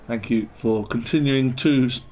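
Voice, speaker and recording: A man giving relaxed live commentary on an online race and greeting viewers in the chat. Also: medium pitch, normal speed. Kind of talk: live sim-racing commentary. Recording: noisy stream with engine sound behind.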